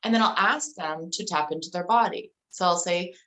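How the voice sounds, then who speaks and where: In a low-quality recording, a middle-aged interview guest with a fairly low, slightly bright voice chats casually at a moderate pace. Her storytelling rambles, peppered with fillers like "like" and "um."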